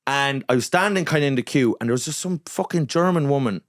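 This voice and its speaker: Brief: young Irish man, swearing storyteller, mid-pitched, dry close sound. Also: fast talker, no room sound. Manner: animated, swearing, acting out quotes in his anecdotes. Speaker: comedian, podcast guest. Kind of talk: casual storytelling chat.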